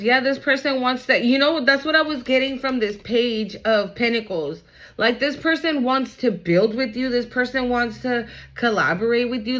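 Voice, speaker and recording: A woman's voice: a little high, poor audio. A woman giving a casual tarot reading, talking straight to viewers in a blunt, hyped way and swearing freely. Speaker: tarot card reader.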